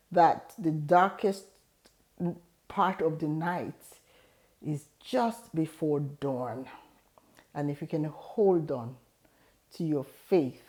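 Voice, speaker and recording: A middle-aged woman speaks in a low, mellow voice as she hosts her own advice video. She talks earnestly, drawing on a personal story to encourage her listeners. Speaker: host giving advice. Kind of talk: motivational talk.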